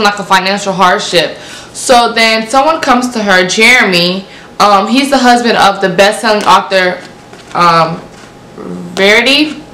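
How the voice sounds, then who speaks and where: A young woman, casually reviewing books in an animated, repetitive way. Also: mid-range voice, echoey room. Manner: animated, repeats herself, lots of "like". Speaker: book reviewer. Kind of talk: casual book review vlog.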